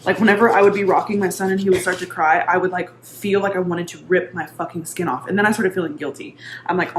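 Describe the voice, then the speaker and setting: A woman's voice: lowish voice, fairly even intonation, fairly quick. A woman in her thirties, a mindset coach talking casually to camera with many fillers. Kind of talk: casual talk-to-camera vlog. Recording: echoey room with faint background noise.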